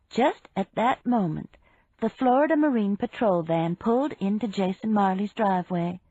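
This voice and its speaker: A woman narrating a mystery audiobook in an unhurried, expressive reading. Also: mid-range voice, no room sound. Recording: dry, dull lo-fi sound.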